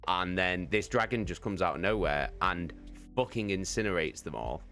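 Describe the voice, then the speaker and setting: A man's voice: low-pitched, lively intonation, normal speed, pushed and bright, faint music behind. A man streaming live, casually telling a tabletop game story, swearing constantly and laughing often.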